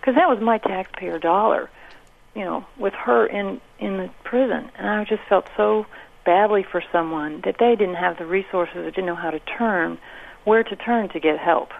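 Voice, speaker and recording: A woman's voice: medium pitch, normal speed, gravelly. A woman calling in to a radio show, telling a story earnestly over the phone. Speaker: caller. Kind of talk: radio call-in. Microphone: telephone. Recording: tinny phone line.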